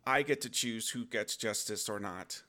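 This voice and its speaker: A man voicing Jesus as a calm, firm figure who plainly tells off his listener as son, in a bright voice. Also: on the low side, moderate pace. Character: calm, firm male Jesus, mildly scolding.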